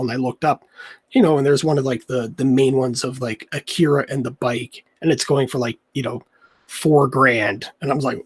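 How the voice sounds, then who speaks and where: A man's voice: medium pitch, fairly even intonation, moderate pace, breathy edge. A young man, a comic artist, chatting in a rambling, laid-back way while he draws at home. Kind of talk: casual chat while drawing.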